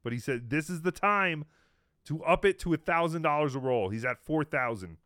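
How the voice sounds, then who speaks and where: A man's voice: a little high, animated, normal speed, sharp tone, no room sound, clean studio sound. A man hosting a podcast, giving wry, mocking commentary on a clip. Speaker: podcast host. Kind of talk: sarcastic commentary on a stream clip.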